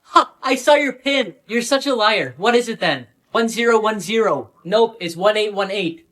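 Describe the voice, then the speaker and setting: A man from San Diego performing short comedy skits, playing every part with sarcastic deadpan comebacks. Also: high-pitched, moderate pace. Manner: sarcastic deadpan comebacks, switching between characters. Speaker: comedy creator.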